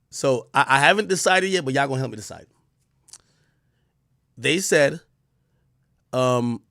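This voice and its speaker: Gravelly-voiced man chatting on stream. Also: mid-range voice, no room sound, studio quality. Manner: animated storytelling, swears and laughs often. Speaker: livestreamer. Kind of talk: casual chat to stream viewers.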